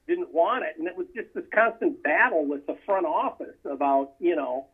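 A man's voice: a little high, normal speed, breathy edge. A man chatting casually about old films, rambling with many fillers and restarts. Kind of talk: casual film chat. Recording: tinny phone-line sound.

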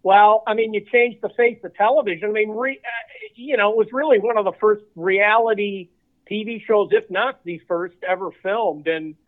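A man's voice: high-pitched, moderate pace. A man hosting an interview, asking rambling questions with many fillers. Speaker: interview host. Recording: thin phone-like line.

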